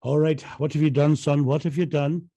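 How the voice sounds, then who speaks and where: A man's voice: fairly high pitch, steady tone, moderate pace, dark tone, breathy edge, voice pushed up. A man voicing a prying Irish priest who coaxes details out of a confession, in a put-on Irish accent. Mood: coaxing. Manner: prying, coaxing.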